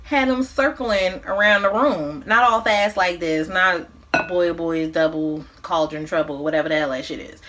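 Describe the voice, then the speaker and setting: A woman vlogger casually recapping a movie, with animated, slangy, profane storytelling. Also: on the high side, moderate pace, slight background noise. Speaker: mukbang vlogger.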